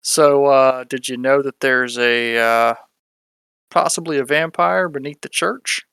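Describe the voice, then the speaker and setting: A man with a gravelly but smooth voice plays a character in a tabletop role-playing game. He rambles through his lines with many fillers. The sound is dry and close. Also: mid-range voice, measured pace, a bit bright, dry recording. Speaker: player. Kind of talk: casual tabletop play.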